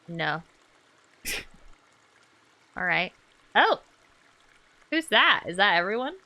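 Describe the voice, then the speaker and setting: A woman streamer giving playful, jokey commentary while she plays a game. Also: fairly high pitch. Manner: playful and animated, jokey asides. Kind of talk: casual let's-play commentary.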